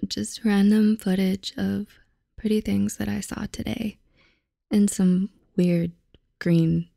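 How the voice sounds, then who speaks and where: Soft-spoken young woman reading aloud. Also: medium pitch, vocal fry, no echo, clean studio sound. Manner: soft, unhurried, often half-whispered. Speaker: channel host reading aloud. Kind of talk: reading a fairy tale aloud.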